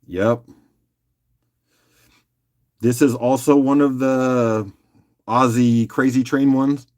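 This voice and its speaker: A man hosting a casual live-stream rock auction, joking and chatting with viewers by name in a loose, unhurried way. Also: medium pitch, steady tone, a little mellow. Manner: loose and unhurried, with fillers and restarts while doing other tasks.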